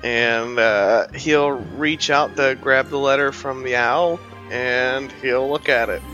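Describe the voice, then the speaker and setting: A man's voice: mid-range voice, slow pace, bright, forceful tone, lo-fi sound, soft background music. A man playing a tabletop game, chatting casually with lots of fillers and easy swearing. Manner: laid-back, swears casually, many fillers. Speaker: player.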